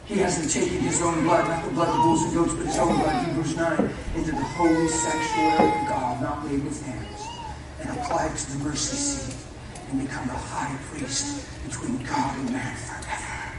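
A man preaching a fervent sermon, swinging from shouts to hushed intensity and speaking folksily to his listeners. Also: a little high, wildly swooping pitch, moderate pace. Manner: folksy, addresses listeners as "brother". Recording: echoey hall, mic far off, faint noise.

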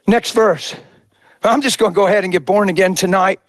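A male preacher delivering an impassioned sermon that swings between shouted lines and soft, intimate asides. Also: high voice, a little fast, no echo.

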